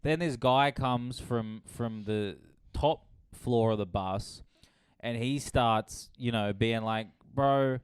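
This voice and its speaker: A man retells a late-night story on his podcast, casual and full of swearing. His voice is smooth and resonant, recorded close with a dry sound. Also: mid-range voice, takes it slowly, no echo. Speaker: podcast host. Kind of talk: casual chat.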